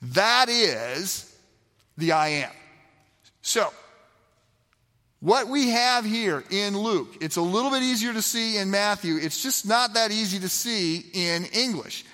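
A man's voice: high-pitched, measured pace. A man teaching a sermon on a Bible passage, acting out the dialogue of the scene. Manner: animated, acts out the dialogue of the scene. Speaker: preacher. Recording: long reverb of a hall.

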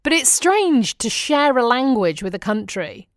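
A woman's voice: on the high side, big pitch swings, unhurried, no room sound, studio quality. A woman from Manchester with a Northern English accent, chatting in a casual diary vlog with wry humor. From Manchester, England. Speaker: vlogger.

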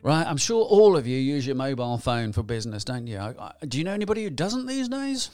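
A man giving a chatty, energetic motivational business talk, firing rhetorical questions and acting out examples. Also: medium pitch, fast talker, soft background music. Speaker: business trainer.

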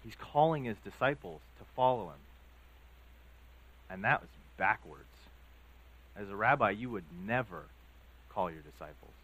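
Man, pastor, sermon, conversational, low voice, filler words. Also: animated, moderate pace, long pauses, fairly bright tone, slightly rough, low-quality recording. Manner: conversational storytelling, many fillers.

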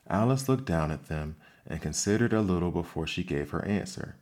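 A man narrating an ASMR bedtime story in a calm, unhurried reading. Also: low voice.

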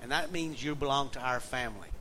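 A man's voice: medium pitch, quick pace, pushed and bright, low-quality recording. A middle-aged man with a Southern accent preaching a conversational sermon, telling a folksy family story and reading scripture aloud. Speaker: pastor. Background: faint air conditioner hum.

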